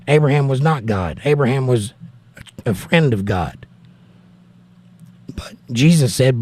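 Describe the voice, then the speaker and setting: A man's voice: fairly low pitch, moderate pace, a little mellow. A man with a Southern Georgia accent hosting a livestream, reading viewers' chat aloud and bluntly arguing points of scripture.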